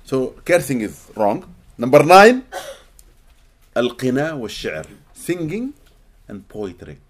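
A man from Sudan, giving an animated, expressive religious lecture to a live audience in a hall and often laughing. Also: mid-range voice, takes it slowly. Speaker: Islamic teacher.

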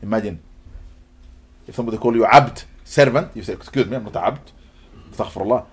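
Fast-talking guy preaching, husky voice, jumps all over in pitch, quotes arabic verses then explains. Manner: animated, mixes Quranic Arabic recitation with English teaching, acts out dialogues. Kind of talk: sermon.

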